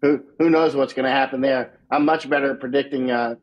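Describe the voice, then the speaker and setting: A man's voice: mid-range voice, fairly even intonation, a little fast, highs cut off. A man speaking as an interview guest, emphatic and full of repeats, laughing now and then at his own lines. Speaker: war correspondent guest. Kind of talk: casual interview talk.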